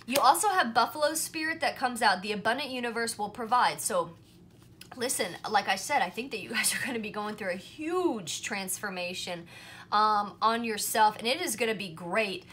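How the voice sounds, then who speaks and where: Chatty lady reading tarot cards to camera, bright voice, keeps saying right and you know. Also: medium pitch, normal speed, slight background noise. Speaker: tarot reader. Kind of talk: casual pick-a-card tarot reading to camera.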